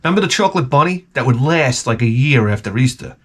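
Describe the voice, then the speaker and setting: A middle-aged man rants in a rambling, profane, animated way, full of restarts. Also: medium pitch, fast talker, slightly rough. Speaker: vlogger. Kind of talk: profane comic rant.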